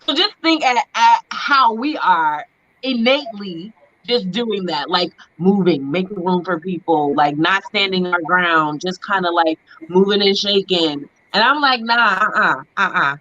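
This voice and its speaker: A young adult woman co-hosting a casual chat, telling a story with lively acted-out quotes. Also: fairly low pitch, measured pace, no echo, muffled recording. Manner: animated storytelling, acting out quotes. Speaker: co-host.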